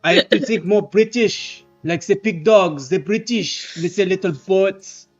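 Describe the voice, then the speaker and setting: A man's voice: sits high, unhurried. A man streaming a casual chat, playfully joking in a put-on French accent, with lo-fi sound and faint music behind. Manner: playful, theatrical.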